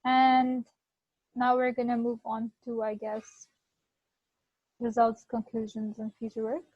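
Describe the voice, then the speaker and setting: A woman's voice: fairly high pitch, completely flat delivery, a little slow, no echo. A woman co-teaching an online workshop, casual and encouraging. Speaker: workshop co-instructor. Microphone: video call. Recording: dull dry video call audio.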